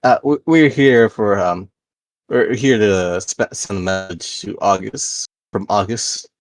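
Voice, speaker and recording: A man's voice: fairly low pitch, slow, dry recording. A man playing a tabletop game, speaking hesitantly with many ums and uhs. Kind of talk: casual game chat.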